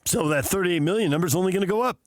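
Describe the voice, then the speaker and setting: A man's voice: sits high, racing, dry recording, clean studio sound. A man co-hosting sports radio, wry and laid-back, ribbing his partner in casual talk.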